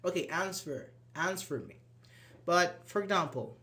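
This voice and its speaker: A man's voice: high-pitched, animated, measured pace, fairly bright tone. A man whose first language is Persian, teaching a live online grammar class and explaining step by step while checking in with students. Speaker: English teacher.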